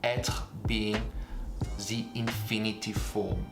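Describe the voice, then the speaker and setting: French man, 20s, patient beginner teacher; slow delivery, roomy sound. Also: fairly low pitch, fairly even intonation, gravelly, loud music behind the voice. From France. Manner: slow and patient, repeats each form. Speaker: language teacher. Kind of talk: beginner language lesson.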